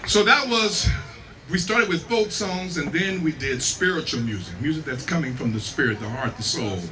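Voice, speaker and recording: A man's voice: fairly high pitch, animated, normal speed, distant mic, background noise. A man giving a live talk on music history, explaining patiently, checking in with the audience and humming rhythms to show them. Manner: sings and hums rhythms to demonstrate. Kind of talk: live performance with spoken music lecture. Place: performance venue with live audience.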